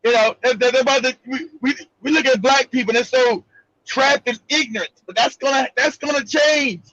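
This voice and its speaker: A man's voice: very high voice, fairly quick, a bit bright, no echo, dull audio. A man hosting a casual political talk show, brash and profane, laughing often. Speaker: show host.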